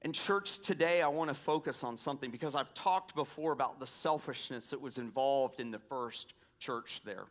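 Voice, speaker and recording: A man's voice: mid-range voice, normal speed, few pauses. A man from the American South, a pastor preaching a sermon with prayer and scripture reading, folksy and conversational with asides to the congregation.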